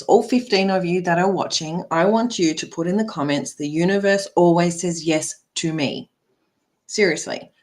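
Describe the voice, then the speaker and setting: A middle-aged woman coach giving a live card reading, speaking emphatically, swearing freely, calling viewers by name and often tagging sentences with "right?". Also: on the low side. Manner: frequent tag "right?". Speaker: spiritual and business coach.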